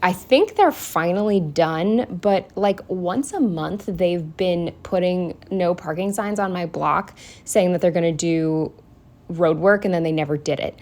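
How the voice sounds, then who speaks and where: Chatty low-voiced woman vlogger. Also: darkish tone. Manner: chatty, swears freely, many fillers. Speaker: planner vlogger. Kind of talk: casual chat.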